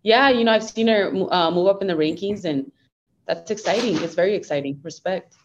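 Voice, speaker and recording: A woman's voice: fairly low pitch, a little fast, highs cut off, background noise. A young woman fighter talking earnestly and upbeatly as a guest in a casual interview. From United States. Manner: earnest, upbeat, code-switches Spanglish.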